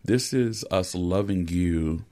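A man's voice: low-pitched, slow, warm tone. A middle-aged man and pastor, co-hosting a podcast, who talks in an earnest, encouraging way and often repeats words as he starts a thought. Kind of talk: casual pastoral conversation.

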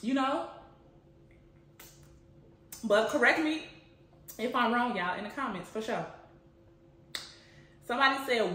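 A woman's voice: a little high, expressive, a little slow, long pauses, a bit bright. A young woman chatting casually to camera, laughing often as she answers viewer questions. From Chicago. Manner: chatty, laughs often, says "you know what I'm saying". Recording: echoey room.

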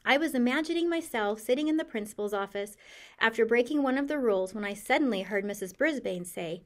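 A woman reading a children's chapter book aloud in the voice of a cheerful, curious hamster narrator, with a lively, expressive delivery. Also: on the high side, fast. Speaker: audiobook reader. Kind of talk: storybook narration.

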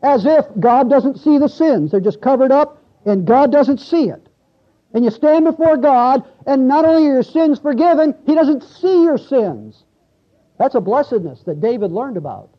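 A man with a very high voice preaches an expository sermon to his congregation, reading verses aloud and asking them questions as he goes. The church recording sounds dull and lo-fi, with little top end. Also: lively intonation, normal speed. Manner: conversational, asks the congregation questions, reads scripture aloud. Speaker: pastor.

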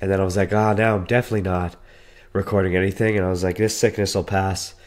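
Sick hoarse man hosting a podcast. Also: deep voice, level tone, fast talker. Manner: self-deprecating, swears casually. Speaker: podcast host. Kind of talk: casual solo podcast talk. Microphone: podcast mic.

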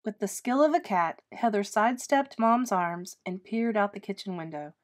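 A woman reading a children's ghost story aloud in an expressive storytelling voice. She paces the narration gently and shapes each sentence for young listeners. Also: mid-range voice, normal speed.

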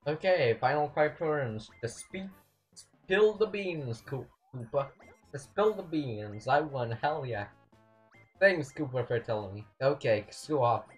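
A young man commentating his own gameplay, excitable, swinging between yelling and muttering at the game. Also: medium pitch. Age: young adult. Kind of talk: let's play commentary.

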